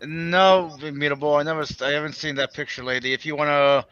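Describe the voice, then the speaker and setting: A man's voice: a little high, quick pace, fairly bright tone, clear, resonant tone, no echo, lo-fi sound. A man hosting a livestream in casual chat, rambling and hesitant, repeating his words and swearing offhandedly. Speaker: livestream host.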